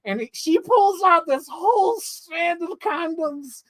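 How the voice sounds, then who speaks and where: A man casually reviewing movies in a vlog, telling stories in an excitable, rambling way full of swearing and filler words. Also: very high voice, slow pace, no room sound, clean studio sound.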